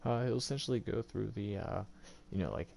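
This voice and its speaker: A man with a deep, mellow voice that has a gravelly rasp narrates a tabletop role-playing game as game master. His delivery is loose and casual, full of likes, you knows and small restarts. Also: brisk, a little hiss or hum.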